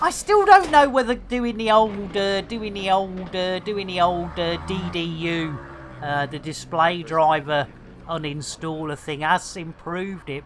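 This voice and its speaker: Middle-aged British woman game streamer, unhurried, cheeky banter, faint hum behind. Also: fairly low pitch. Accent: British English. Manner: jokey, slangy banter with chat. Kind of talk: casual live commentary while playing.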